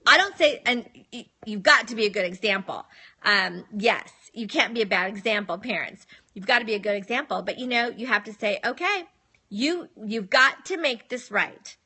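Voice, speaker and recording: A woman's voice: mid-range voice, brisk, pushed and bright, slightly rough. A middle-aged woman talking casually on a live stream, giving firm, matter-of-fact parenting advice and acting out what she says to her children.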